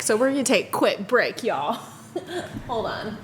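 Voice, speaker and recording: A woman's voice: fairly high pitch, sing-song, measured pace, a little hiss or hum. A woman hosting a podcast, chatty and laughing often. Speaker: podcast host. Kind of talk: casual podcast chat.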